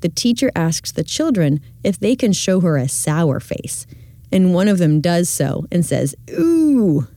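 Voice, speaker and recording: A woman reading a scripted audio description of classroom video clips in a measured, clear way. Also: fairly low pitch, animated, dark tone, dry recording.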